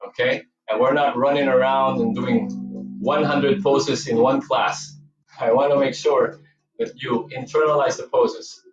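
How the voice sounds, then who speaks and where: A man's voice: medium pitch, echoey room, recorded from a distance, dull audio. Man with a Cebuano accent coaching breath. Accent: Filipino, Cebuano. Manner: encouraging, coaching with counted breath cues. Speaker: yoga and movement instructor. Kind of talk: cueing a fitness class. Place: dance studio.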